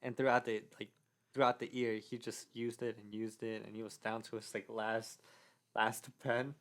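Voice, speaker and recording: A man's voice: fairly low pitch, level tone, moderate pace. A young man co-hosting a casual design podcast, talking in loose stories full of fillers and restarts. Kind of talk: casual chat.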